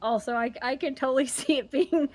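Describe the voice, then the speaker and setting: A woman guest in a casual chat, giggly and quick to agree. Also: high-pitched, darkish tone.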